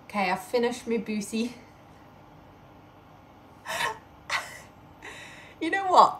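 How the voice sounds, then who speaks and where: A young woman who has just become a mum chats casually to her vlog camera indoors at home. Her voice is mid-range with slight background noise, and she giggles a lot and lets slip the odd mild swear.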